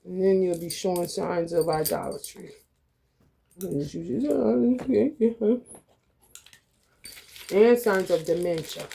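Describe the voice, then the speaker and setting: A woman's voice: lowish voice, normal speed, vocal fry, dark tone, a little hiss or hum. A woman giving a casual tarot reading. She talks bluntly and profanely, calls the viewers y'all and honey, and laughs often as she tells stories. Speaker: tarot reader.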